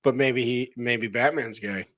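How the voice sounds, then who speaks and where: A man's voice: medium pitch, unhurried, fairly bright tone, no room sound. A man co-hosting a podcast in casual chat, telling rambling stories with frequent chuckles. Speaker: podcast co-host.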